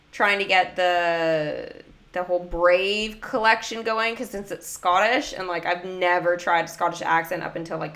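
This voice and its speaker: A gaming livestreamer with a medium-pitched, sharp-toned voice casually comments on a mobile game. She's chatty, talking to her chat and viewers throughout.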